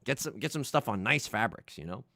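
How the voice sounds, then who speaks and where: A man's voice: medium pitch, lively intonation, fairly quick, gravelly, bright, forceful tone, no echo, studio quality. A young man streaming a tile game, joking casually and chatting with his viewers. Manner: playful, jokey, chatting with viewers. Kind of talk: casual livestream commentary while playing.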